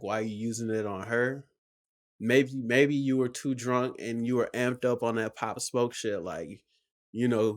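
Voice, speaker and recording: Laid-back man rambling through a reaction. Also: mid-range voice. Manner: rambling, full of "like" and "you know". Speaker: reaction channel host. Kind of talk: casual reaction commentary.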